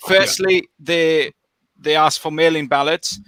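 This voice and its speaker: A man's voice: on the high side, fairly even intonation, unhurried, a bit bright, clean tone, dry recording, rough recording. A man from Wales co-hosting a casual chat, explaining a topic at length and swearing casually. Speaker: podcast co-host.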